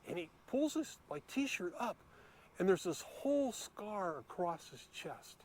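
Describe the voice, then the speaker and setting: A man with a slightly raised pitch talks casually to his camera as he walks outdoors by a lake. He rambles, restarts often and fills pauses with ums and uhs. It sounds like an unscripted handheld vlog. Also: expressive, darkish tone. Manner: rambling, hesitant, many fillers and restarts. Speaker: YouTube vlogger. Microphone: handheld camera while filming.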